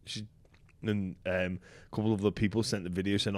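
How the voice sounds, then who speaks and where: A man's voice: lowish voice, fairly even intonation, brisk, dry recording. A man hosting a podcast in casual chat, joking and swearing loosely as he talks. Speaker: podcast host. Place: hotel in Las Vegas.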